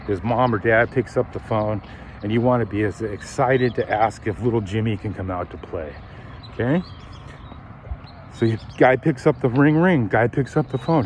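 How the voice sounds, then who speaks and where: A man who manages car sales, coaching on a walk and acting out phone calls in lively bursts. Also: medium pitch, slight background noise. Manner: animated, acts out phone calls in quick bursts. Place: outdoors while walking.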